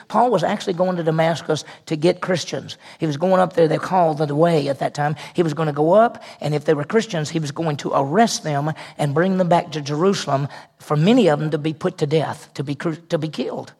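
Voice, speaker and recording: A man's voice: a little high, fairly quick, darkish tone, slightly rough. A man preaching a sermon in a conversational way, with asides and repeated phrases. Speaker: pastor.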